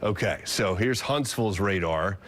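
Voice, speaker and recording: A man with a low voice, speaking as a TV meteorologist during live severe weather coverage. He thinks aloud while tracking the storms on radar, stopping and restarting and filling pauses as he explains what he sees. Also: expressive, a bit bright.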